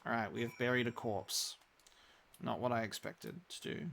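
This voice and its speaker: A man's voice: medium pitch, fairly even intonation, normal speed, vocal fry, fairly bright tone, a little hiss or hum. A young man chatting casually while live-streaming a game, rambling with many restarts.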